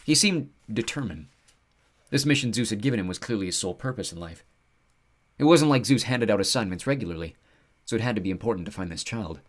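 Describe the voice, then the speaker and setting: A man narrating an audiobook with an expressive storytelling delivery. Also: on the low side, quick pace.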